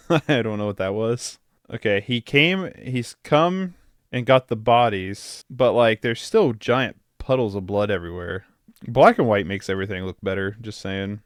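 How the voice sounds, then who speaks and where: A man's voice: lowish voice, clean tone, no echo, studio quality. A young man hosting a casual movie watch-along, chatting wryly, laughing often and trailing off mid-sentence. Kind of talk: casual live reaction commentary. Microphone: headphones with desk mic.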